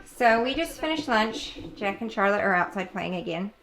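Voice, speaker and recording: A woman's voice: mid-range voice, lively intonation, normal speed, fairly bright tone. A woman narrating a casual home vlog as a homeschooling mother, chatty and self-deprecating, often laughing. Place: busy family home. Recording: noisy home background.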